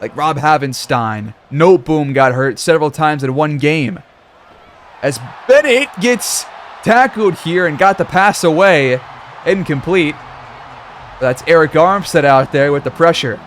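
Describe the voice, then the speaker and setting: A man giving play-by-play commentary over a football video game, reacting loudly to big plays. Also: a little high, expressive, unhurried, a little hiss or hum. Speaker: gaming commentator.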